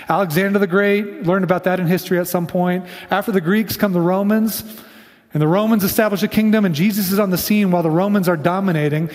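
A man's voice: high-pitched, darkish tone, in a large hall. A man preaching a sermon in a casual storytelling way, often slipping into quoted lines. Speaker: pastor.

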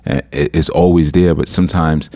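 Very deep-voiced man telling a story. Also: normal speed. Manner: animated, incredulous storytelling with laughs. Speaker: podcast host. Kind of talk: casual podcast monologue.

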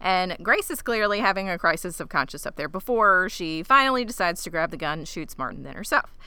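A woman's voice: on the low side, lively intonation, brisk, sharp tone, smooth, no room sound. A woman co-hosting a casual podcast, recapping a TV episode with blunt jokes. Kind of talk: casual chat.

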